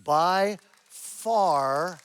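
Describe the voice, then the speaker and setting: A man's voice: sits high, very slow, fairly bright tone, smooth. A man in his sixties, a pastor preaching a sermon to a church congregation, telling a story with animation and acting out his own prayers. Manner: asks the congregation questions.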